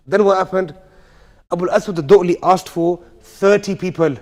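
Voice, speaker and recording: A man's voice: high voice, fairly quick, a little mellow. Man teaching in an echoing mosque hall. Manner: chatty, asks the class questions, slangy asides. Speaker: tajweed teacher. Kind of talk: informal classroom storytelling. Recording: long reverb of a mosque hall.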